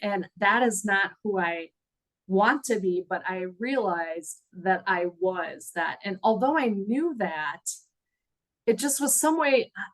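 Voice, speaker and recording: Middle-aged woman opening up in an interview, emotional but steady, reflective. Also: medium pitch, slow, rough recording. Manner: earnest, reflective, laughs at times. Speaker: guest. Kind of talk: candid interview storytelling.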